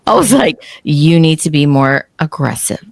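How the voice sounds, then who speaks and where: A middle-aged woman host from Texas tells stories in a relaxed, chatty way. She slips into the voices of the people she quotes. Her voice sits a little low and sounds close and dry. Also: normal speed, creaky, no echo. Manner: animated storyteller acting out quotes. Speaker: podcast host. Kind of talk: casual interview conversation.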